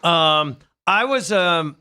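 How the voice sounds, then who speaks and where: A man's voice: fairly high pitch, lively intonation, slow pace, pushed and bright, clean tone. A man, a comedian guest, chatting casually and rambling through jokes on a live show. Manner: joking, rambling. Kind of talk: casual chat. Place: live show at a Las Vegas casino.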